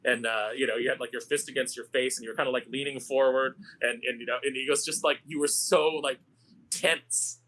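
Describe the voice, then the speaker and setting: A man's voice: medium pitch, steady tone, a little fast, fairly bright tone, rough recording. A man co-hosting a podcast, telling a story and ranting about a film in casual chat. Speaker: podcast co-host.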